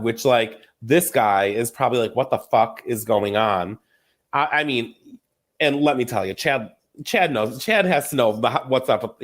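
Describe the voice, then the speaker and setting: A young man hosting a podcast, recapping reality TV gossip in a casual, animated, profane way with frequent laughs. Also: medium pitch. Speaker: podcast host.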